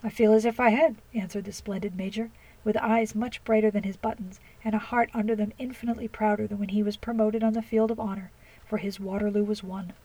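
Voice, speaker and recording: A woman narrating classic fiction as an audiobook, in a measured, expressive storytelling manner. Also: medium pitch, rough recording.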